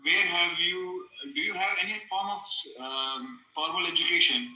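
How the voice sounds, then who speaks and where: A man's voice: sits high, moderate pace, sharp tone, echoey room, poor audio. A man in an online debate who asks pointed, probing questions. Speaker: debate participant.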